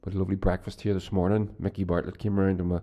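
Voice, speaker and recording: A man's voice: sits low, level tone, very fast, mellow. A Northern Irish man hosting his own podcast, chatting casually in a rambling, profane way with lots of restarts. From Northern Ireland. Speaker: podcast host. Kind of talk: casual solo podcast chat.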